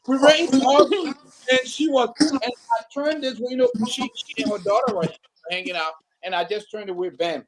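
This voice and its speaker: A man's voice: extremely high pitch, normal speed. A man hosting a casual live-stream panel chat, rambling with stammered restarts and frequent laughter. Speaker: host.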